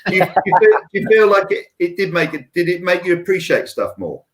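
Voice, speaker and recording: A man hosting a fan podcast, asking questions haltingly with many fillers and restarts. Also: high-pitched, big pitch swings. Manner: hesitant, lots of "uh"s, restarts his questions. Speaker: podcast host. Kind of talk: casual interview questions.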